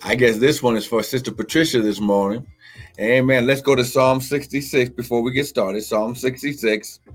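A man's voice: medium pitch, fairly even intonation, normal speed. A man preaching a live-streamed sermon, with fervent repetition, calls of glory and speaking in tongues, greeting online viewers by name.

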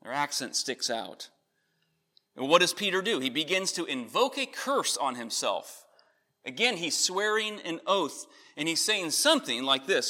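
A man delivers a sermon with a bright, forward voice that sits a little high. He preaches earnestly, pressing harder on key points and then easing off into quieter reflection. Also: very animated, unhurried. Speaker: pastor. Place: church in Connecticut.

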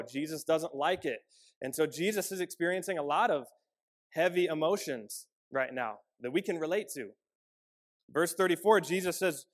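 Man, pastor, sermon, earnest, fairly high voice, softens on key lines.

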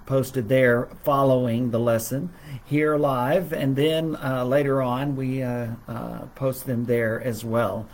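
A middle-aged man teaching a livestreamed Bible lesson as a preacher, halting often with fillers and restarts. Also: mid-range voice, a little mellow.

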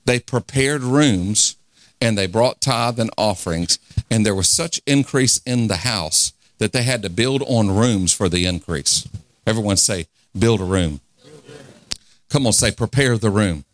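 Male preacher in his forties, low-pitched and fervent, playful with laughs, dry recording. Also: a little slow, no room sound. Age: 40s. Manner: fervent, call-and-response, laughs often. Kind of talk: revival sermon.

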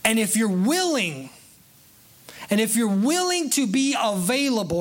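A man with a high voice preaching in church as pastor. He talks with eager excitement, chatty and quick to joke with his congregation. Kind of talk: sermon. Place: church sanctuary.

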